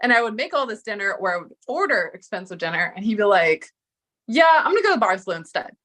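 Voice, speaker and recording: A woman's voice: medium pitch, very animated, quick pace, fairly bright tone. A woman giving a casual confessional monologue, emotional and profane, acting out the lines of the people she quotes. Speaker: storyteller recounting a breakup.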